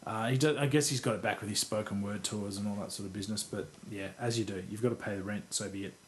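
This co-host is a fast talker with a lowish voice and fairly even intonation. He rambles casually about a film he likes, running himself down and swearing here and there.

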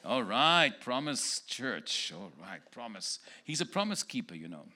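A man's voice: mid-range voice, big pitch swings, unhurried, pushed and bright. A man preaching as a guest in a church, giving prophetic words to people in the congregation one by one and joking with them.

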